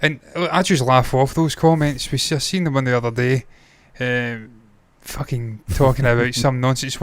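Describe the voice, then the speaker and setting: A man's voice: medium pitch, fairly even intonation, normal speed, few pauses, clear, resonant tone, no echo. A man co-hosting a casual movie news live stream, talking loosely and bluntly and swearing constantly. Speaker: co-host of a movie news show.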